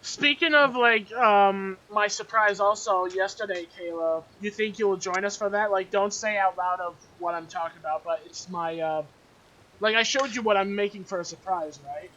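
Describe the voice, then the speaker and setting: A young man hosts a live stream, bantering with friends in a teasing, animated way and leaning on lots of fillers. His voice has a bright, forward edge. The mic sounds slightly muffled, with a faint hiss underneath. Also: high voice, normal speed. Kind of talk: casual chat among friends.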